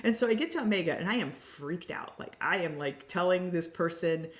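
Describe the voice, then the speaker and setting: A woman's voice: fairly low pitch, brisk. Storytelling woman in a roomy echo. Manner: lively storyteller who laughs often. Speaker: co-host, healing coach. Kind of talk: casual livestream conversation.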